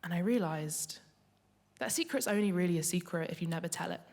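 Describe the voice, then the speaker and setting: A young woman tells a comic, confessional story onstage at a live storytelling event, building to punchlines. She talks fast in a fairly low, darkish voice.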